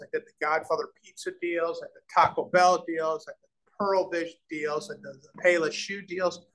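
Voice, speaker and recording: A man's voice: fairly high pitch, low-quality recording. A middle-aged man from Nebraska telling business stories in an interview, acting out the people he quotes, with frequent restarts. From Nebraska, USA. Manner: animated storyteller, acts out quoted voices, frequent restarts. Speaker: real estate developer, guest. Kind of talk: conversational storytelling interview.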